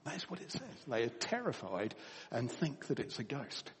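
A man preaching to a congregation, his voice swinging from ringing highs to low, quiet stretches. He chuckles between points as he tells the story. The sound carries a long reverb from a church hall. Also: normal speed. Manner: storytelling with animated rises and soft drops. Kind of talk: sermon.

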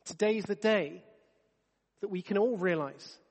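A man's voice: high voice, normal speed, long reverb tail. A man in his thirties preaching a sermon, earnest and conversational, often restarting his sentences. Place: church.

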